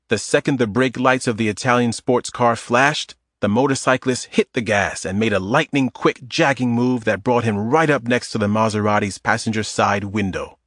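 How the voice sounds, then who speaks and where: A man narrating an audiobook thriller in a steady, measured way. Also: mid-range voice, no room sound, studio quality. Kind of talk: scripted narration.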